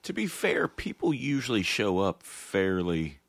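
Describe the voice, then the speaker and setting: A man's voice: lowish voice, very animated, unhurried, creaky, slightly rough, no echo. An American man in casual chat as a podcast co-host, wry and joking, swearing freely. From United States.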